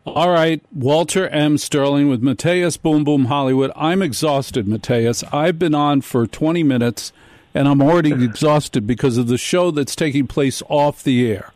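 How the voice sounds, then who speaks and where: A male radio host tells a comic story with lively energy, jumping into voices for the people he meets. The studio sound is close and dry, with no room around him. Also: a little high, moderate pace, no room sound. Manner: animated storytelling, acts out quoted people. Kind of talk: comedic radio monologue.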